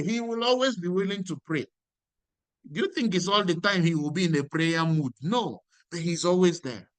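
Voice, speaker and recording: A man's voice: high voice, fairly bright tone, dry recording. A man giving a motivational lecture, emphatic and repeating key lines. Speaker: speaker.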